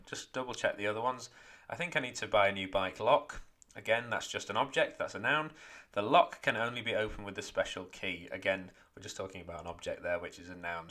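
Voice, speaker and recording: A man's voice: lowish voice, sharp tone. A man teaching, going through exam questions one by one and explaining each answer step by step. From England. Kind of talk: exam walkthrough lesson.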